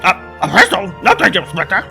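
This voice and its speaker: A man voicing a pompous, high-strung male rooster lawyer who speaks loudly and haughtily. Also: wildly swooping pitch, a little fast, gravelly, soft background music, full character voice. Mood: haughty. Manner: loud, haughty, indignant.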